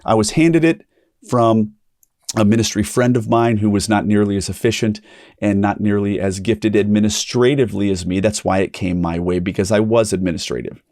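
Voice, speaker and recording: Male podcast host, storytelling, lively voice, restarts and repeats, dry close sound. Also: a little fast, no room sound. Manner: animated, acts out quoted voices with big pitch jumps; frequent restarts and repetition. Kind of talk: conversational storytelling.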